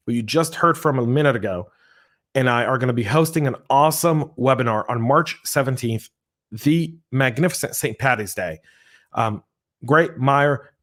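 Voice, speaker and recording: An American man hosting a podcast, energetic and animated, telling stories with playful voices. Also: medium pitch. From United States. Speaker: podcast host.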